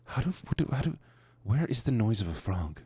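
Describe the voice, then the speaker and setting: A man's voice: lowish voice, sing-song, fairly quick, mellow, breathy edge, no room sound. A man streaming, greeting his viewers in a playful, sing-song, teasing way. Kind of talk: casual chat greeting viewers.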